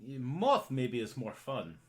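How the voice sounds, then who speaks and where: A man's voice: mid-range voice, wildly swooping pitch, slow, fairly bright tone, full character voice. A man voicing a gloomy toymaker who speaks in clipped, broken English without articles. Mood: earnest.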